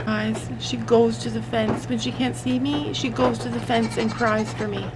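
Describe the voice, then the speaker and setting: A woman's voice: a little high, steady tone, moderate pace. A woman vlogging on her farm, chatting to viewers and coaxing her goats as she tends them. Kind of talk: casual vlog talk to camera. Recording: outdoor farm noise. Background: goats bleating.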